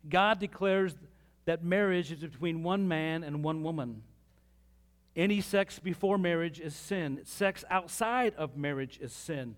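A man preaching a sermon as pastor, reading scripture with pauses and lively asides to the congregation. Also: a little high.

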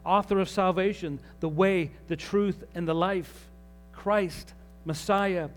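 A man's voice: sits high, steady tone, slow, a little hiss or hum. Man preaching a Sunday sermon. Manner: earnest preaching, rising with emphasis on key phrases. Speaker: pastor.

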